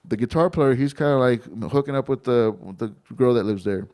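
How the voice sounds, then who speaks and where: A male comedian tells a road story on his podcast. His delivery is casual, animated and full of swearing. His voice sits at an ordinary middle pitch for a man, and he often breaks into quick impressions of the people involved. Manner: profane, animated storyteller who acts out quoted people.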